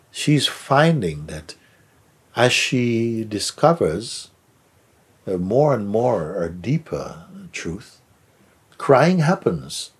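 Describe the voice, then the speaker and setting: A man with a medium-pitched, slightly rough voice answers a question in the role of teacher, giving a gentle, slow-paced spiritual talk. Though very animated, he often fades into a whisper and softly repeats words to stress them.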